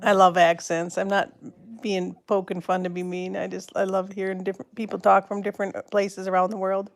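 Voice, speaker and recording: This woman's voice is medium-pitched and monotone, with vocal fry and a slightly fast pace. A livestream host from Wisconsin with a Wisconsin accent, she keeps the chat casual and responds to viewers by name.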